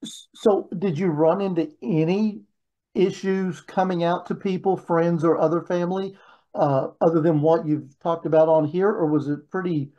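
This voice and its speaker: An interviewer asking gentle, encouraging questions in a casual chat. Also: medium pitch, steady tone, moderate pace, dull audio.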